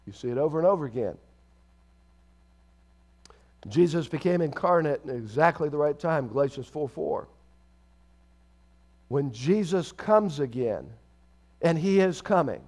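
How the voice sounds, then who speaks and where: High-voiced preaching man. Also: normal speed. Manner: preaching with call-and-response to the congregation; swings between loud emphatic bursts and low quiet asides. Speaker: pastor. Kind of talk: sermon.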